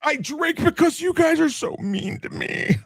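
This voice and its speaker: A man's voice: very high-pitched, animated, measured pace, creaky, over loud music, pitched above the performer's own voice, full character voice. A man voicing a whiny, self-pitying grown son who cries out to his mother. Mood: whining. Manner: whining, crying out.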